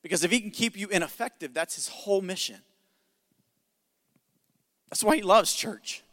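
A man's voice: sits high, moderate pace, fairly bright tone, big-room sound. A male pastor preaching a sermon in an emphatic, conversational way with jokes.

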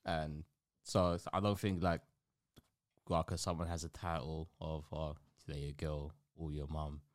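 Deep-voiced young man, laid-back. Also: flat delivery, unhurried, dry recording, studio quality. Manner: laid-back, slangy, keeps saying innit. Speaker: podcast host. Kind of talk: casual chat.

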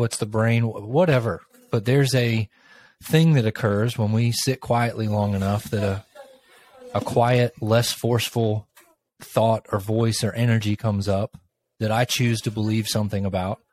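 A middle-aged man co-hosting a podcast, telling a personal story in a thoughtful, unhurried way with pauses. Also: lowish voice, fairly even intonation, darkish tone. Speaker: podcast co-host. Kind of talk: reflective casual conversation.

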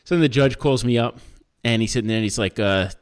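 Male podcast co-host, mid-range voice, spins a lively anecdote and puts on other people's voices. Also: mid-range voice, fast talker, clean tone. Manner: animated storyteller, acts out others, swears. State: self-employed, married. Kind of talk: casual chat.

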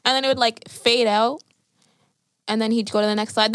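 A young woman co-hosting a podcast, talking in a casual, animated way and telling stories expressively. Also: on the high side, no echo. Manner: animated storytelling, quick and expressive. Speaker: podcast co-host. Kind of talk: casual chat.

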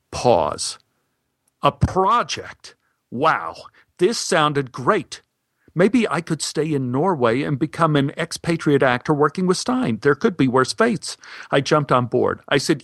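A man narrating a funny personal story with wry, deadpan timing. His voice sits at an ordinary pitch, and the recording is dry and close, with no room echo. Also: a little slow. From United States. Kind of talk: comic storytelling monologue.

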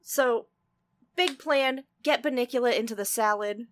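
A woman's voice: on the high side, measured pace, slight background noise. A woman co-hosting a podcast, chatting playfully about a children's book and often agreeing with her partner. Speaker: podcast co-host. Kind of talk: casual book discussion.

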